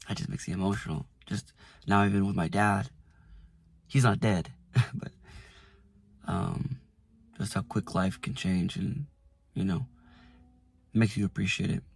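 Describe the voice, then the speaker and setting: A man in his twenties, vlogging casually from inside his car, rambling with lots of fillers and going quiet when a memory moves him. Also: on the low side. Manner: rambling, lots of "like" and restarts, softens when emotional. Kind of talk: casual reflective vlog.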